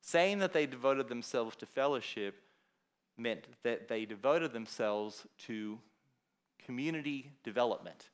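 A man's voice: medium pitch, measured pace, clear, resonant tone. Conversational man preaching a sermon. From Australia. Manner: conversational storytelling, quoting others with animated voice. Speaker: pastor. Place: church hall.

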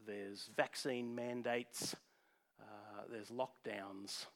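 A man giving a conversational sermon, with frequent fillers and restarts. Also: medium pitch. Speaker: preacher.

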